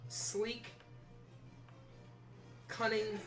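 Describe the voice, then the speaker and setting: A man's voice: sits high, little pitch movement, extremely slow, a bit bright, faint music behind. A man playing a tabletop game, wry and talkative, chatting casually about his character. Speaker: player.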